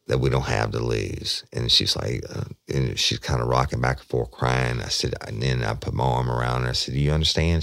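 A former detective with a bass voice and some vocal fry tells a true crime story in a folksy manner at a moderate pace. He replays the dialogue line by line, repeating "I said," and the studio sound is clean with no room sound.

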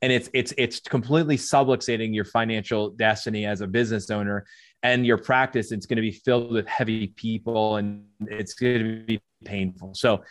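A man's voice: fairly low pitch, steady tone, moderate pace, no echo. Guy cohosting a podcast, emphatic, keeps repeating himself, dry close sound. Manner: emphatic, repeats words as he builds a point. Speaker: podcast co-host coaching chiropractors. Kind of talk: casual podcast conversation.

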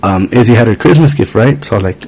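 A young adult man hosting a podcast, chatting casually and telling animated stories about his young daughter. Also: lowish voice, fairly quick, gravelly, a little hiss or hum, low-quality recording. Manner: animated storytelling, acts out his daughter's lines. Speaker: podcast host. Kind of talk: casual chat.

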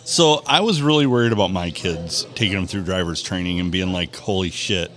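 A man co-hosting a podcast, chatting at a bar in a relaxed, matter-of-fact way. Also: low voice, fairly quick. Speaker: podcast co-host. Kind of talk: casual bar chat. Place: bar on a Monday night.

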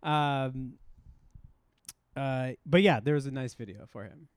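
A man's voice: medium pitch, slow pace, clear, resonant tone, no room sound. A man co-hosting a podcast, running through game stats with wry asides in casual chat. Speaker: podcast co-host.

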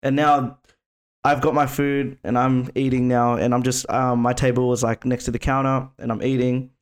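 A man's voice: medium pitch, flat delivery, normal speed, clean tone. A young adult man, telling a rambling story on a casual podcast. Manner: rambling, lots of fillers.

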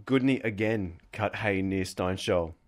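A man hosts a comedy podcast and reads a folklore story aloud in an even, measured way. His voice sits on the low side. He breaks off now and then to trade jokes with his co-hosts. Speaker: podcast host.

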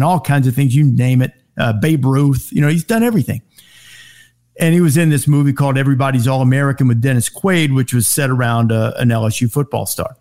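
A middle-aged man telling sports TV anecdotes in casual chat, acting out quoted lines in a raised voice. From Alabama. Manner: animated anecdotes, acts out quotes in high voices. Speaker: guest, sports TV host. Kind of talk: casual storytelling.

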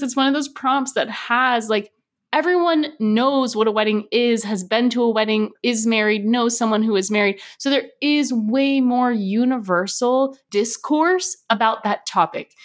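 A young woman hosting a casual conversation about marketing. She tells stories in a lively way and acts out the voices of people she quotes. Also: fairly high pitch. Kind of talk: casual chat.

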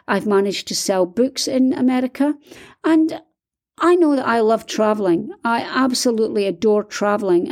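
A woman's voice: mid-range voice, a little mellow. Scottish woman, author, solo podcast chat, enthusiastic, frequent ums, slightly strained throat.

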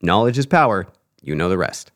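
A young man co-hosting a podcast, trading rowdy stories with a friend. His pitch rises and falls a lot as he gets animated, and he breaks into laughter mid-story. Relaxed, casual chat. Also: fairly quick, noisy background. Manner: animated, laughing while telling embarrassing stories. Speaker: podcast co-host.

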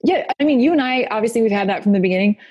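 Fast-talking woman with a mellow voice. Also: fairly high pitch, slightly rough, dull audio. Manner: animated storyteller, acts out quoted voices. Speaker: guest. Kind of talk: casual chat.

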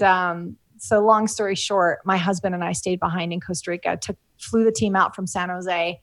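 A woman's voice: medium pitch, no room sound. A woman business coach telling personal stories in an interview, with many fillers and restarts, moved at times. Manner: warm storytelling, frequent fillers, gets emotional. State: tearful at times. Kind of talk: conversational interview.

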